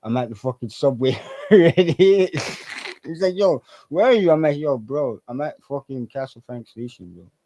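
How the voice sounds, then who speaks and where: A man's voice: medium pitch, moderate pace, rough recording. A man, a podcast guest telling stories in a loose, profane way and acting out the people in them. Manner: animated, profane, acts out quoted voices. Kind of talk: casual storytelling.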